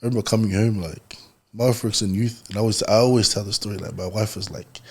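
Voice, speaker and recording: A man, a podcast guest telling stories in relaxed casual conversation. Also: lowish voice, quick pace, husky. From New Zealand. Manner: relaxed, storytelling, laughs often.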